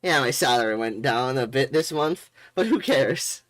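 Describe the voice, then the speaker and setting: A man voicing a gruff, goofy police detective who talks in a loud, hearty, blustering way. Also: mid-range voice, lively intonation, normal speed, no room sound, pitched above the performer's own voice, lightly acted.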